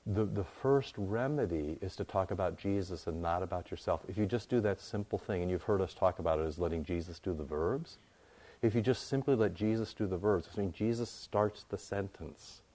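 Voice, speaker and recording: A male pastor delivers a sermon in a relaxed, conversational tone. His voice sits a little low. He builds his points through emphatic, repeated phrases. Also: normal speed.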